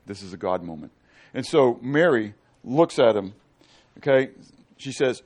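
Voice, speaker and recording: A pastor delivers a sermon in an animated way, frequently posing questions to the congregation and shifting between loud and hushed speech. His voice is medium-pitched and a little fast.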